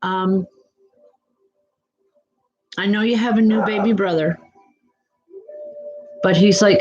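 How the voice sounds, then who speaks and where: A woman acting as a reverend and psychic medium, giving live readings in a gentle, reassuring way and calling viewers by name, with many "um" fillers. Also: medium pitch, measured pace, pauses often, muffled recording, music in the background.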